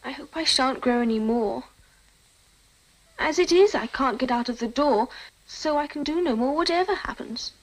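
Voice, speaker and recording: Casting: a polite, proper young girl, high and clear. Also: animated, normal speed, poor audio. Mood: worried. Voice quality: prim, well-spoken. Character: prim, polite girl Alice. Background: background music.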